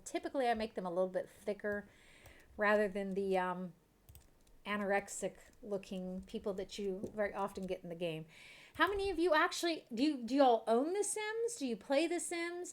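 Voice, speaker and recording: A woman from Kentucky, chatting casually and giggling as she streams a life-sim game. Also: on the high side. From Kentucky, USA. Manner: chatty, giggly, talks to her chat.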